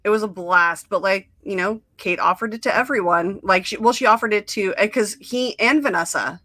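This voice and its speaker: A young woman hosts a casual chat, talking in a bright, forward voice. She rambles warmly through stories with plenty of fillers and acted-out quotes. The sound is close and dry, with no room around her. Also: medium pitch, normal speed, no echo. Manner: chatty, many fillers and quoted asides. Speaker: podcast host.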